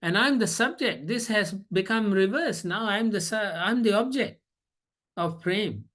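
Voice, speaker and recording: A man's voice: high voice, lively intonation, measured pace, a bit bright, pitched above the performer's own voice. A man voicing a young divine cowherd boy overwhelmed with love, in a raised storyteller's quoting voice. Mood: wondering.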